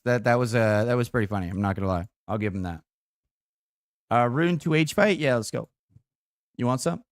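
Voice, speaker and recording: Young guy streamer just rambling at chat, lots of "like" and swearing, normal pitch, super dry sound. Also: no room sound. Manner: rambling, profane, filler-heavy storytelling. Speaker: game streamer. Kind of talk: casual chat with stream viewers.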